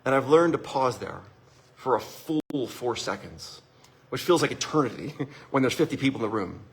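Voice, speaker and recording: A middle-aged man hosting a casual motivational talk, an animated storyteller who acts out family conversations. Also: mid-range voice, normal speed, creaky. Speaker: host.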